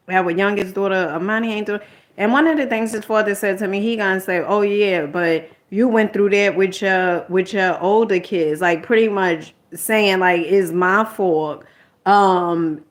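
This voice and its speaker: A middle-aged woman telling a personal story in a candid, rambling vlog, quoting herself and lecturing in an exasperated motherly way. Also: medium pitch. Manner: rambling and candid, retells arguments and quotes herself. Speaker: vlogger.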